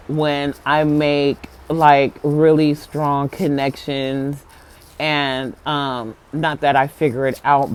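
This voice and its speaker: An excitable vlogger recounting a spiritual encounter to viewers, dropping to a hush, then bursting out loud and laughing. Talk is loose and full of fillers like "like" and "um", with frank, casual swearing. The voice sits at a middling pitch. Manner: filler-heavy, lots of "like".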